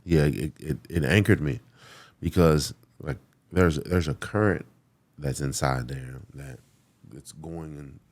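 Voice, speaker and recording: A man in his forties from the United States, telling a personal story in an earnest, halting way and near tears. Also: extremely low pitch, darkish tone. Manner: earnest, halting, many fillers and restarts. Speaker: guest.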